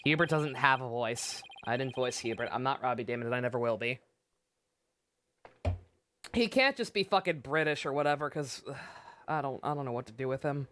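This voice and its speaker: A woman's voice: very deep voice, a little fast, pauses often, a bit bright, slight background noise. A young woman streaming a game, chatting casually, swearing and laughing often. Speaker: let's play streamer. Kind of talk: game commentary.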